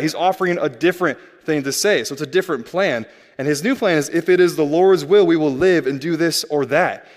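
A young man preaches in a relaxed, chatty manner, tossing rhetorical questions to his congregation. His voice sits a little high for a man. The sound carries the long reverb of a big church hall. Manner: conversational, asks rhetorical questions. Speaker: pastor. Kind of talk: sermon.

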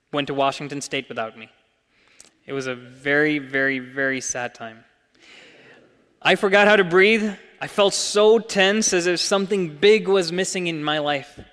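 Young male preacher, earnest sermon voice with loud peaks and hushed drops, fairly high pitch, long church hall reverb. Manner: earnest, rising to emphatic peaks then dropping soft.

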